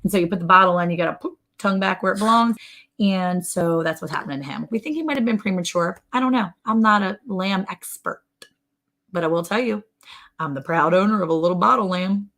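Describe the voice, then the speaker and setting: Lady chatting on a ranch livestream, lively storyteller, laughs a lot. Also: mid-range voice, fast. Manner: animated storyteller, laughs often, makes silly sound effects. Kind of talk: casual chat.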